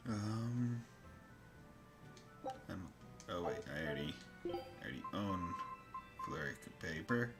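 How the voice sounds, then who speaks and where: A man's voice: deep voice, expressive, slow, pauses often. A man streaming a game, commenting casually and crudely, joking and mumbling to himself. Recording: voice over game audio with music.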